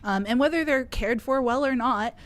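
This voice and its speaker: A woman's voice: fairly high pitch, moderate pace. A woman speaking as a guest on a podcast panel, earnest and heated, with filler words. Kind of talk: casual panel talk.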